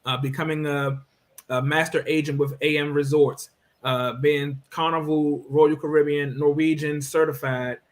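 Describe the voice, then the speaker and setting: A man's voice: fairly high pitch, little pitch movement, normal speed. A man co-hosting a business panel discussion, talking in an emphatic, preaching way with rhetorical questions. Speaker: co-host.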